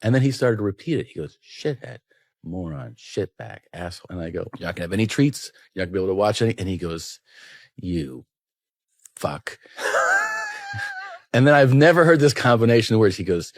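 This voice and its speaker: A man's voice: fairly low pitch, fast, dry recording, studio quality. A man on a talk show, telling a funny story about his young son and acting out the boy's lines. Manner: animated storytelling, acting out a child.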